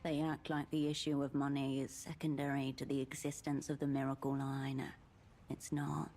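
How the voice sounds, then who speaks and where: A woman voicing a cool, measured narrating voice in a video game. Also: rumbling low, little pitch movement, mellow.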